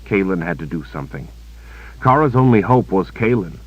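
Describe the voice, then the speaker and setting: Deep-voiced male audiobook narrator. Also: no echo. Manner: steady, measured reading. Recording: dull lo-fi cassette recording.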